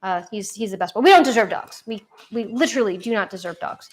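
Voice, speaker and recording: A young livestream host talks fast and rambles casually from home alongside her dog, with plenty of fillers, restarts, casual swearing, and self-deprecating jokes. Her mid-range voice has lively intonation. The laptop mic adds a little hiss or hum.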